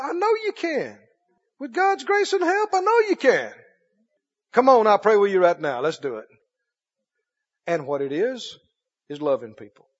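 A male preacher giving a sermon, emphatic and swinging between loud and hushed. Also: high-pitched. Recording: dull echoey hall recording.

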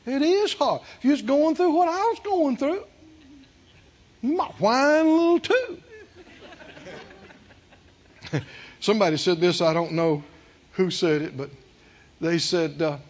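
A man's voice: extremely high pitch, big pitch swings, unhurried, long pauses, highs cut off. An older man preaching a sermon, with a drawling delivery and frequent chuckles.

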